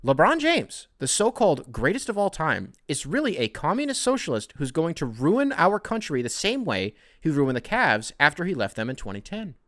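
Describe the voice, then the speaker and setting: A man's voice: a little high, huge pitch swings, moderate pace, few pauses, a bit bright, no echo, studio quality, voice pushed up. A man putting on an impression of a pompous, outraged male TV pundit who rants theatrically. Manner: indignant, theatrical, ranting.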